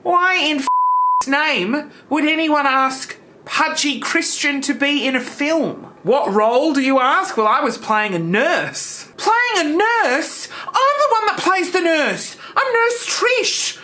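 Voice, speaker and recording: A man's voice: very high-pitched, expressive, slow pace, pushed and bright, pitched above the performer's own voice, exaggerated voice. A man putting on the voice of a vain, melodramatic woman who calls herself an actress, gasping and bossy in a comedy vlog sketch. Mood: indignant. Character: vain dramatic woman, self-proclaimed actress.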